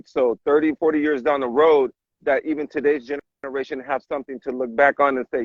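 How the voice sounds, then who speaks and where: A man's voice: medium pitch, fairly even intonation, brisk, no room sound. A man hosting a casual conversation, laid-back and agreeable as he listens and chats. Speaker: host. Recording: dull, dry sound.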